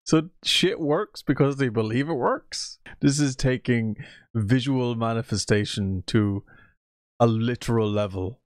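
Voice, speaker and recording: A man's voice: mid-range voice, unhurried, no room sound, clean studio sound. A man reacting to a video in casual commentary, incredulous and swearing freely.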